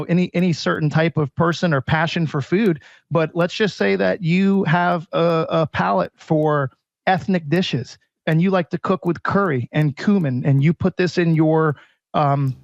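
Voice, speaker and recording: Man, fairly high voice, dry close sound, dull muffled audio, chatty sales pitch, storyteller. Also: no room sound. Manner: chatty storyteller, repeats "he goes". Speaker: air purifier company president.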